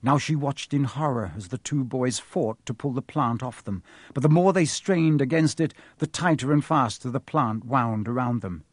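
A husky male narrator reads a storybook aloud, shaping the scenes with expression. His voice sits at a middle pitch. The recording is dry and close, with no room sound. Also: normal speed, few pauses, dry recording. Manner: expressive, changes voice for each character. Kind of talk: storybook reading.

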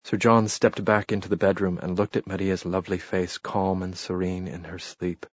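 Deep, husky male audiobook narrator. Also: little pitch movement, normal speed, no room sound. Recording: dull, muffled recording.

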